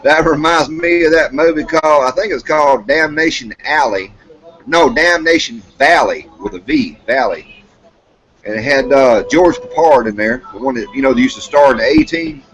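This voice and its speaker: A man's voice: mid-range voice, moderate pace, a bit bright, low-quality recording. A middle-aged man joking and telling stories in a folksy way on a casual livestream. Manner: joking storyteller, folksy slang. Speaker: livestream guest. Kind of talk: casual chat.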